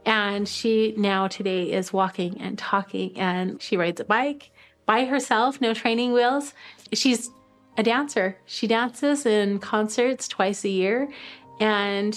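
A middle-aged woman sharing a personal adoption story in a documentary interview, halting with fillers and tearing up at moments. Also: mid-range voice, faint music behind. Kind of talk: emotional personal testimony.

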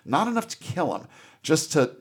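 A man's voice: on the high side, big pitch swings, moderate pace, slightly rough. A man hosting a podcast, recapping a film in casual, sarcastic and irreverent commentary.

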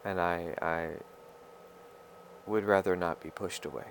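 A man talking straight to his viewers in a rambling personal monologue, halting and stammering as he searches for his words. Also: low voice, steady tone, slight background noise.

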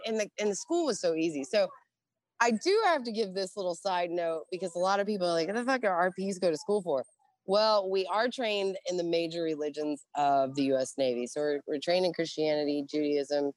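A middle-aged woman guest casually telling a profane story about her Navy years, acting out the dialogue with animated energy. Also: low voice, no room sound. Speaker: guest, former Navy religious program specialist.

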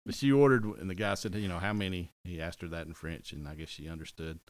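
A deep, expressive voice at a quick pace belongs to a middle-aged man chatting on a podcast. He rambles in a casual, jokey way, frequently correcting himself.

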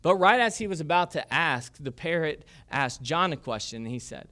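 A male pastor preaches a sermon, telling a story with casual jokes and asides. His voice sits a little high for a man, and his tone is conversational rather than formal. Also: lively intonation, moderate pace, sharp tone.

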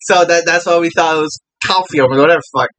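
A man's voice: a little high, steady tone, fast talker, fairly bright tone. A man co-hosting a casual chat, joking and incredulous as he reads out names.

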